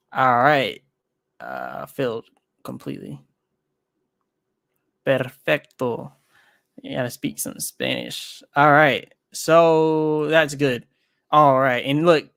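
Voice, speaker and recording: A man's voice: a little high, gravelly, fairly bright tone, no echo. Casual rambling man, dry close sound. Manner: rambling, self-correcting, thinks aloud while trading. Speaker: crypto trading streamer. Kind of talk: casual livestream chat.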